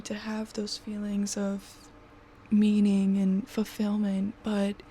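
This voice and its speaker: A woman in her twenties venting to her camera, frustrated and exhausted, swearing and often sinking into a breathy half-whisper. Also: mid-range voice, dark tone, slight background noise. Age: 20s. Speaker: vlogger.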